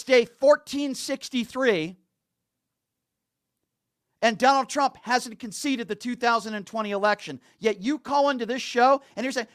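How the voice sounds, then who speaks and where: A man's voice: very high voice, normal speed, fairly bright tone, no room sound, studio quality. A man hosting a talk radio call-in show, blunt and combative with callers.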